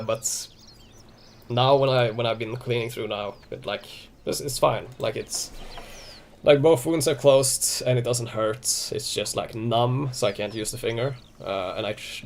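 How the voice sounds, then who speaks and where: A man's voice: medium pitch, creaky, slight background noise. A young man chatting casually on a live stream, rambling with many restarts and fillers and swearing freely.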